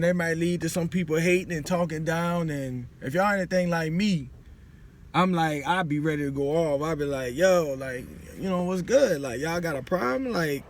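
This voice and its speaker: A man's voice: on the high side, a little mellow, slight background noise. A man in his forties with a New Orleans accent, giving casual life advice to a phone camera in a loose, conversational way. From New Orleans, Louisiana. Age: 40s. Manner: loose and conversational, with frequent "you know what I'm saying". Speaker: vlogger.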